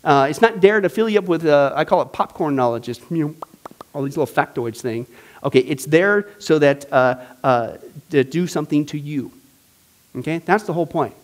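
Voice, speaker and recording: A man teaching a Bible study class in a casual, animated way, full of jokes and enthusiasm. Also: fairly high pitch, normal speed. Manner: animated, joking, enthusiastic with frequent fillers. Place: church classroom.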